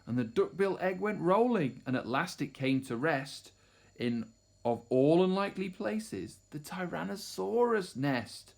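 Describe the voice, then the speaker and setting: A man reading a rhyming picture book aloud in a rhythmic, expressive storyteller's voice. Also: on the high side, measured pace, vocal fry.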